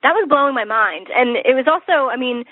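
Woman guest, fairly high husky voice, chatty with fillers, heard down a phone line. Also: expressive, a little fast, no room sound. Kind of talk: casual conversation. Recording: tinny phone line, dry.

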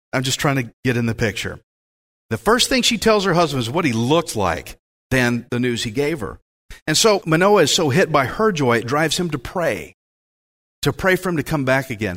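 A man's voice: medium pitch, a bit bright. A man preaching a sermon, reading scripture aloud and breaking off into enthusiastic, conversational asides. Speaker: pastor.

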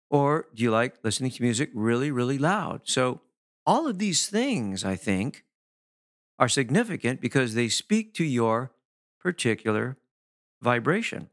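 Animated middle-aged man, lively swooping pitch. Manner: animated, swooping delivery with playful demonstrations of voices. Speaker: podcast host, hypnotherapist. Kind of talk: casual solo podcast talk.

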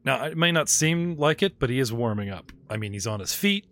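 Man, game master, tabletop role-play narration, animated, laughing. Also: medium pitch. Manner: animated, laughing, slips into quick voices. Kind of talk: narrating a tabletop game over video call. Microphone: video call.

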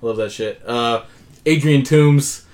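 Man, podcast host, casual chat, laid-back, foul-mouthed, average pitch. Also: measured pace, a little mellow. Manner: laid-back, swears freely.

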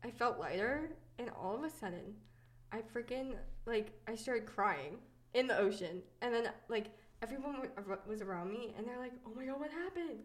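A woman's voice: fairly high pitch, moderate pace. Giggly chatty young woman. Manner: giggly, chatty, lots of fillers. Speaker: podcast host. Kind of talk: casual chat, storytelling.

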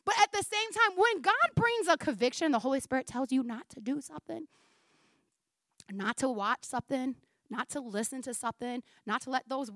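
A woman in her forties preaching a sermon to her church. She talks fast and chatty, with frequent laughs. Her voice sits high and bright, and the recording is dry and close. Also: expressive, dry recording. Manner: fast, chatty, laughing often, says 'like' a lot.

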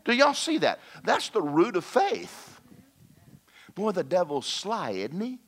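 A man preaching a lively sermon, folksy and animated, slipping into mock voices and asides to the congregation. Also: high-pitched, slow pace. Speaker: pastor.

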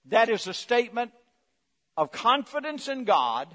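A middle-aged male pastor preaching a sermon, swinging between loud emphatic lines and quiet low asides, coaxing the congregation to respond. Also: very animated, measured pace, long reverb tail. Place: church sanctuary.

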